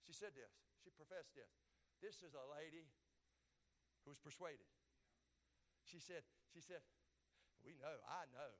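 A man preaching a sermon in an animated, repetitive style that builds to exclamations. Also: fairly high pitch, a little slow, pauses often.

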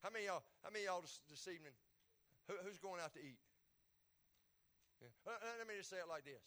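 Folksy preacher with a bright voice. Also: male voice, high voice, expressive, fast talker, pauses often. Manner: folksy, joking, swings from loud to soft. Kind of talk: sermon. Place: church.

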